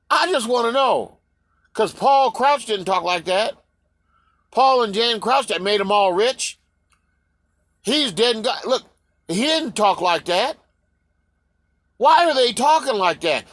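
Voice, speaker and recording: Man, high-pitched voice, heated profane rant, rhetorical questions, repetitive restarts. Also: animated, measured pace, pauses often, fairly bright tone, dry recording. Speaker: vlogger. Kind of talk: ranting commentary to camera.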